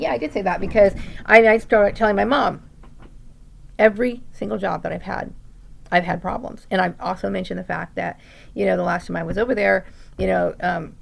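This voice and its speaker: Gravelly-voiced woman venting in a rambling rant. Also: mid-range voice. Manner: rambling, indignant, full of "right?" tags and restarts. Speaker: vlogger. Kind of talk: personal venting monologue.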